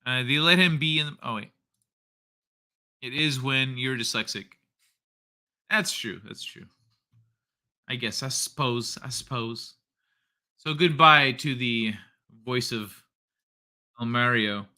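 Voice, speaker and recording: A man's voice: mid-range voice, slow, pauses often, sharp tone. A young man hosting a casual late-night stream, joking around with loose slang and frequent laughter. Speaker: host.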